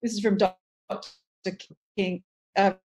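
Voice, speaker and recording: A woman's voice: mid-range voice, takes it slowly. Articulate Australian woman dialect coach. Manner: articulate, animated, thinks aloud with restarts. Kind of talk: casual interview chat.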